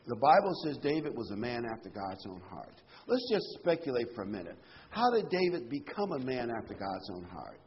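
Conversational man preaching a sermon. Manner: conversational, animated, pitch jumping up for quoted speech. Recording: dull lo-fi sound with faint noise.

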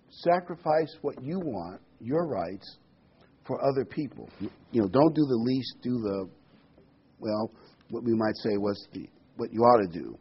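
A man's voice: medium pitch, breathy edge. A man preaching a Bible study sermon, reading scripture aloud, telling jokes and stressing key words. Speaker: pastor. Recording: dull lo-fi recording.

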